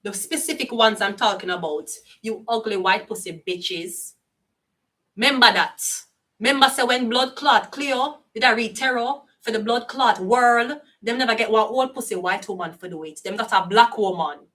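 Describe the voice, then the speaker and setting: An older woman with a Jamaican accent rants through a tarot reading, swearing freely and sliding into patois. Her voice is high and bright, and she sits some way back from the mic. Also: moderate pace, recorded from a distance. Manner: profane, heated, slips into patois. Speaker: tarot reader. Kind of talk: casual ranting monologue.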